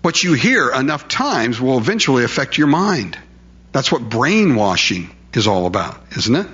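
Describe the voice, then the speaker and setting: A man's voice: mid-range voice, very animated, normal speed, fairly bright tone, muffled recording. A male preacher delivering a sermon in an emphatic, conversational way, full of rhetorical questions.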